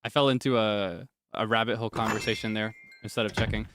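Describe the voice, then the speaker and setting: A man streaming a game, chatting casually and rambling between sudden loud, high outbursts. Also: fairly even intonation, fast, hardly any pauses, a little hiss or hum. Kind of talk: casual gameplay chat.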